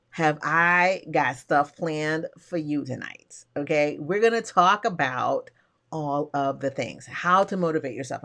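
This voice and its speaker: A woman hosting a live stream, chatty and bubbly, who greets viewers with casual slang. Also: deep voice. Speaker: livestream host and brand coach. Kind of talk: upbeat live-stream chat.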